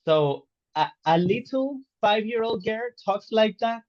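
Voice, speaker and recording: A man teaching an online English lesson, explaining slowly and patiently and checking understanding with questions. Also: high-pitched, expressive, no room sound, dull audio. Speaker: English tutor.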